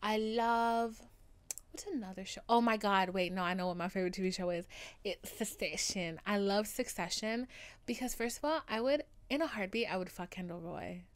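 A woman's voice: mid-range voice, moderate pace, clean tone. Overdramatic, gushing young woman podcaster. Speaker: podcast host. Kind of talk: casual solo podcast monologue.

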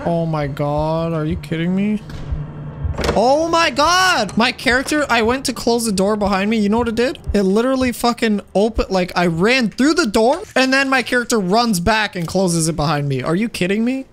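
A man playing a horror game with a friend, loud and excitable, swearing and often shouting. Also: high voice, brisk, few pauses. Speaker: gaming streamer. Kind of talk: casual co-op gaming commentary. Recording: noisy gameplay audio behind.

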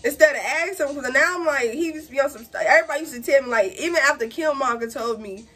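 A young woman vlogger telling a casual story while doing her makeup, animated and slangy, acting out quotes in a higher voice. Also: fast talker, faint music behind. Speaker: beauty vlogger.

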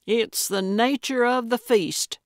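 A woman voicing an excitable, eccentric older female amateur sleuth in an audiobook, gleeful about crime. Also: fairly high pitch, slow, no echo, clean studio sound, pitched above the performer's own voice. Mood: eager. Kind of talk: audiobook character voice.

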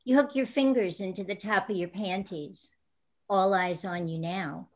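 A woman reads her poetry aloud. Her delivery is slow, measured and deliberate, and her voice sits at a mid pitch. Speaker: poet. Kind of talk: poetry reading.

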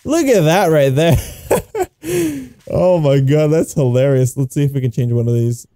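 Male gaming commentator, excitable and giggly, mellow voice, wide pitch swings. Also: moderate pace, dry recording, clean studio sound. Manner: excitable, giggly, exclaims often. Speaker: gaming YouTuber. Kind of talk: casual gameplay commentary.

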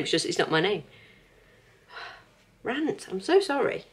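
A woman's voice: mid-range voice, sing-song, unhurried, pauses often, fairly bright tone. A woman in her thirties chatting casually at home in a rambling, cheerful vlog, laughing often. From England. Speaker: vlogger.

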